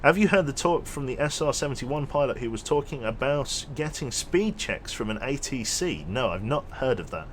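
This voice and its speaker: A young man casually commentating his gameplay on a livestream, chatty and quick to launch into an animated story. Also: mid-range voice, a little hiss or hum. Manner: chatty, animated storyteller who thanks subscribers. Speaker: streamer.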